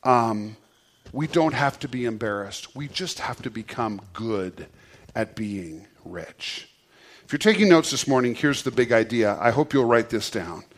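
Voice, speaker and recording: A man's voice: medium pitch, expressive, measured pace. Conversational man preaching a sermon. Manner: conversational, repeats words, leads congregation in call-and-response. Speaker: pastor.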